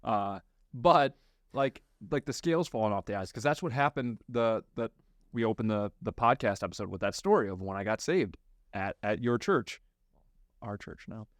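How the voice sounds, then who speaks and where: A man's voice: fairly low pitch, lively intonation, normal speed, no echo. Young guy podcast host, earnest and chatty, dry close sound. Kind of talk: casual podcast chat.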